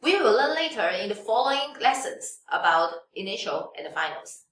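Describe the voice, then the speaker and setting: A woman teaching Mandarin pronunciation online, demonstrating tones slowly with exaggerated contours. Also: a little high, very animated, fairly bright tone. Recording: echoey room, mic at a distance.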